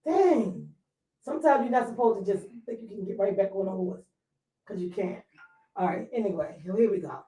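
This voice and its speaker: A woman hosting a casual talk show, lively and slangy, talking straight to her listeners. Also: medium pitch, normal speed. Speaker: podcast host. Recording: roomy sound, mic far off.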